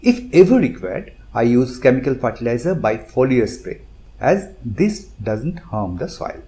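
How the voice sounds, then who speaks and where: A man's voice: medium pitch, very animated, measured pace, mellow. A man with an Indian English accent giving a methodical, point-by-point gardening lesson as a channel host. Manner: methodical, explanatory, lists points one by one. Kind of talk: instructional narration.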